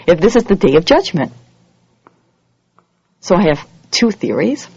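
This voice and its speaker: A woman giving an animated lecture, acting out little scenes and quoted voices as she teaches. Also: measured pace, creaky, breathy edge, no echo. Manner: animated, acts out quoted voices with big pitch jumps. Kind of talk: lively lecture. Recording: dull lo-fi audio recording.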